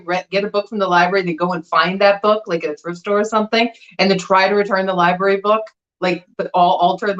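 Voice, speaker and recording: A woman's voice: medium pitch, dull audio. A woman chatting casually and enthusiastically while presenting items for sale, laughing often. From not from the South. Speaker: co-host glass seller. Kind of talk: casual live sale chat.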